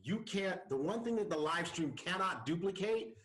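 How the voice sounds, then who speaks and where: A man hosting a podcast, giving a lively pep talk with frequent repeats and restarts. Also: high voice, moderate pace, echoey room, rough recording. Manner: energetic, repeats himself, pep-talk style. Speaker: podcast host. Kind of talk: casual chat.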